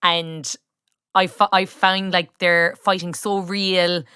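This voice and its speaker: A young Irish woman with a Kerry accent chats as a podcast guest, lively and quick to laugh. Her voice is bright and smooth, recorded close and dry. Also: fairly low pitch, dry recording. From County Kerry, Ireland. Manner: lively, laughs often, gushing. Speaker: podcast guest, freelance writer. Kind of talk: casual film chat.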